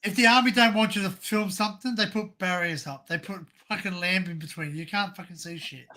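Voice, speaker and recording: A man with a high, bright, forceful voice chatting on a livestream. He talks in a blokey way, swears freely and keeps calling people mate, all through a video call. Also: fairly quick. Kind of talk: casual livestream chat.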